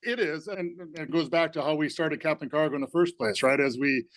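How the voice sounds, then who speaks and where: A man on a webinar panel, talking in an energetic, conversational way and tagging his points with 'right?'. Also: fairly high pitch, brisk, no echo. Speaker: panelist, company founder.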